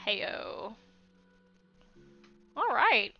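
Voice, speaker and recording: Speaking very slowly in a fairly high voice with big pitch swings, a young woman chats casually with viewers on her art livestream while drawing. She thanks them by name and uses many fillers, and the audio is slightly dull and lo-fi, with faint music.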